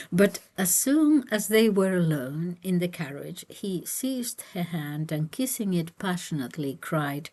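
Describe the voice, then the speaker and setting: Slow, low-voiced woman reading a novel aloud. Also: sing-song, darkish tone. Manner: chatty asides with fillers. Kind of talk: reading aloud with casual commentary.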